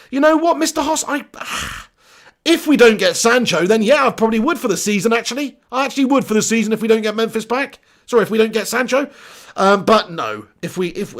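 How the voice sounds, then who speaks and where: A man from Britain hosting a live football stream, chatting casually, laughing often and reading out viewer comments. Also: high-pitched.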